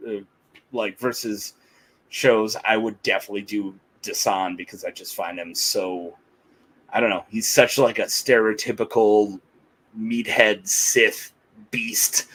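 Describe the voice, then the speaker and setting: A man's voice: on the low side, a little slow, a bit bright, low-quality recording. A man co-hosting a podcast, chatting casually, rambling with frequent laughter. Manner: rambling, laughs often, quotes characters in playful voices. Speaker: podcast co-host. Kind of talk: casual chat.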